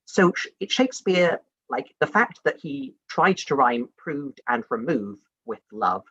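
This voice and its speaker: A young adult man from the UK giving a casual science talk, chatty and conversational, often pausing with "um" and "like". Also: medium pitch, fairly bright tone, breathy edge, dry recording, highs cut off. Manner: chatty and conversational, many fillers like "um" and "like". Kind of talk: casual lecture to an audience.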